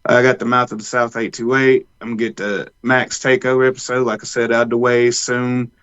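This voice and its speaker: A man's voice: medium pitch, little pitch movement, fairly quick, fairly bright tone, smooth. Man, podcast co-host, casual chat, rambling, restarts, muffled lo-fi sound.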